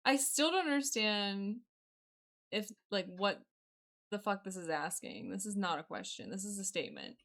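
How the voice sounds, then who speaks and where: A woman's voice: medium pitch, very animated, normal speed, a bit bright. A young woman chatting casually on her live stream, giggling often and poking fun at herself. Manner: giggly, self-deprecating, chatty. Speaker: live streamer learning to code. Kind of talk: casual chat.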